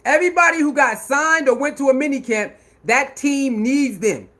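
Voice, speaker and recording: A man giving an animated sports rant, loud and laughing, with heavy slang and repetition. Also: extremely high pitch, normal speed. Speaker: sports commentator.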